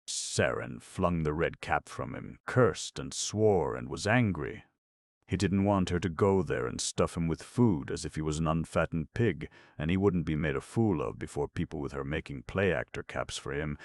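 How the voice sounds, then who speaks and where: Very deep gravelly male narrator. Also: moderate pace, no echo, clean studio sound. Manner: steady storytelling, raises pitch and volume for quoted characters. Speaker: audiobook narrator. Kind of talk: scripted narration of a classic novel.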